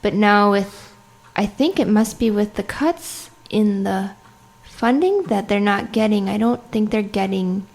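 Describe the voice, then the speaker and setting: A woman comedian on a podcast, telling self-mocking stories in an animated way and laughing often through them. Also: medium pitch, measured pace, gravelly, few pauses. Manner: many fillers and restarts. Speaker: comedian guest. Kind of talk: anecdotal interview chat.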